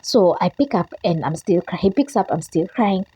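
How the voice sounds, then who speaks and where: A young woman speaks straight to camera, recounting events in a loose, emotional way and often repeating herself. Her voice is a little low, dark and husky. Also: animated, moderate pace, low-quality recording. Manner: emotional, repeats herself, quotes her own prayers and talk. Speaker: vlogger. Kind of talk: casual storytelling to camera.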